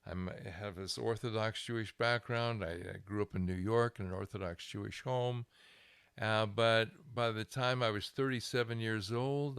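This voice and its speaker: An older man, a guest minister, telling a lively anecdote in an interview, chuckling and restarting his phrases. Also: on the low side, clear, resonant tone, no echo. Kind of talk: storytelling interview.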